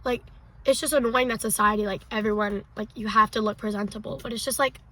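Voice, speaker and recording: A woman's voice: mid-range voice, fairly even intonation, fast, sharp tone. A teenage girl co-hosting a podcast, chatting casually and filling her talk with "like". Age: teens. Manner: chatty, many "like" fillers. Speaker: podcast co-host. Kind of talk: casual chat. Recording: distant mic with faint noise.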